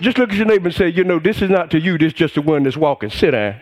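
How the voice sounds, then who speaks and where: A middle-aged man preaching a sermon as pastor. He shouts exclamations, calls for response from the congregation, and stretches out key phrases for emphasis. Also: a little high, expressive, rapid-fire, heavy background noise.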